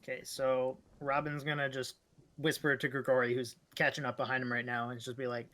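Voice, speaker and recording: A man playing a tabletop game, easygoing and slangy, thinking out loud about his plans. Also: medium pitch, completely flat delivery, brisk. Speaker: player. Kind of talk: casual chat at a game table.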